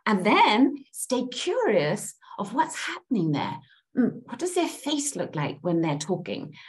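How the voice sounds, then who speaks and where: A woman's voice: on the high side, wildly swooping pitch, measured pace. A woman coaching a group on listening skills, animatedly acting out example phrases. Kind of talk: teaching a group session on listening.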